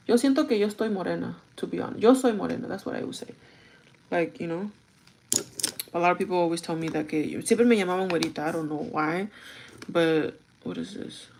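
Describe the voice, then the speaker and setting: A woman's voice: on the low side, fairly quick, creaky, a little mellow, a little hiss or hum. A young adult woman vlogging in casual chat, rambling through a story with lots of fillers and switching languages mid-sentence.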